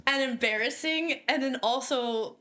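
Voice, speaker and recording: Animated woman telling a war story. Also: sits high, a little slow. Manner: animated, laughing, acts out quotes, swears freely. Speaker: podcast guest, retired Navy bomb disposal chief. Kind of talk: casual storytelling.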